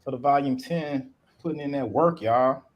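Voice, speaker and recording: A man's voice: mid-range voice, moderate pace, highs cut off. Brief: male podcast co-host, easygoing and conversational. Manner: laid-back, agreeing backchannels. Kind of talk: casual chat.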